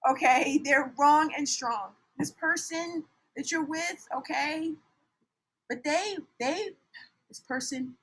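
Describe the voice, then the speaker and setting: A young woman giving a casual tarot reading, animated and blunt, swinging from soft muttering to loud outbursts. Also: on the high side, slight background noise, low-quality recording. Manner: animated, swings from soft mutters to shouts, laughs often, swears. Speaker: tarot reader.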